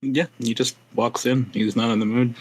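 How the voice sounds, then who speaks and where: A man's voice: mid-range voice, fairly even intonation, moderate pace, husky, dry recording. A man playing a tabletop game, hesitantly describing what his character does, with many fillers.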